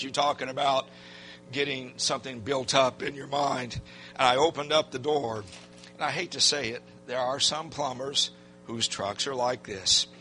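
An older man preaching a sermon as a pastor, telling a personal story in a folksy, animated way and acting out what people said. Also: mid-range voice.

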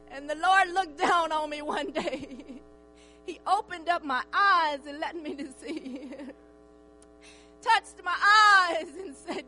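An older woman gives a fervent, tearful church testimony in a high, bright voice. She speaks slowly, with cries of praise breaking through. Faint music and a low mains hum sit behind her. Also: low-quality recording. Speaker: church member giving testimony.

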